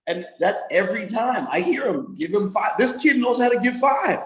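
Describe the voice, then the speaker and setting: A man talking as a podcast guest, an animated storyteller who does voices and laughs often in casual interview chat. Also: high voice, moderate pace, hardly any pauses, reverberant, rough recording. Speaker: podcast guest, music producer and manager.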